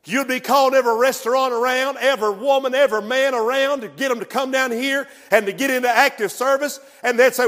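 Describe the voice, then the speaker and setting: A man's voice: very high-pitched, quick pace, hardly any pauses, a bit bright, big-room sound. A man preaching a sermon emphatically, with call-and-response asides.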